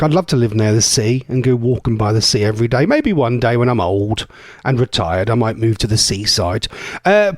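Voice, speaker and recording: A man hosting a casual local radio show, chatting in a rambling, playful way with quick asides. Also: mid-range voice, dry recording, clean studio sound. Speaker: radio host. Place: radio studio. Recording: loud music bed under speech.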